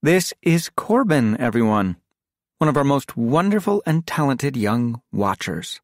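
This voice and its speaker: A man voicing a gracious middle-aged woman pastor, speaking in a brisk, affectionate and husky way. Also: medium pitch, very animated, no room sound, clean studio sound, voice pushed up. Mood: proud.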